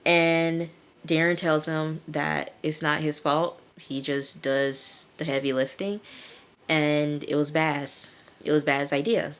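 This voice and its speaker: A woman's voice: sits low, fairly even intonation, slow pace, smooth. A woman casually recapping a TV episode, chatty with many fillers, talking straight to her viewers. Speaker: TV episode reviewer.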